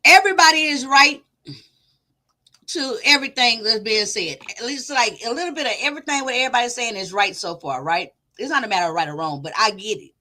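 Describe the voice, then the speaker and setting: A woman's voice: fairly high pitch, animated, fairly quick, pushed and bright. A woman hosting a commentary channel, reading viewer comments aloud and giving her own take in a casual, conversational way. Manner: casual, talks things through with her viewers.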